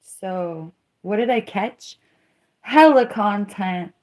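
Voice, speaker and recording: A woman chats on her livestream in a slow, easygoing drawl. She rambles through a story, laughs often, and stops to answer her viewers' comments. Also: medium pitch, a little mellow. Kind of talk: casual livestream chat.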